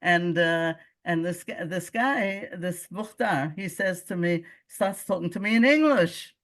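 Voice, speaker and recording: An older woman from the United States with a Brooklyn accent, telling personal stories as a guest speaker with lively asides and frequent self-corrections. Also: lowish voice, a little slow. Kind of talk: personal storytelling talk.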